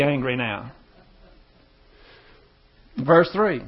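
A high-pitched man teaches scripture from the pulpit, acting out the voices in the text with lively emphasis. The recording is dull and lo-fi. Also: normal speed, pauses often. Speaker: pastor. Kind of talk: sermon, Bible teaching. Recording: dull lo-fi sound.

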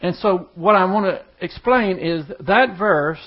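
A man preaching a sermon, teaching verse by verse and acting out the words of scripture with lively emphasis. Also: sits high, a little slow. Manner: animated, acts out scripture voices with emphasis. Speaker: pastor. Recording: dull lo-fi sound.

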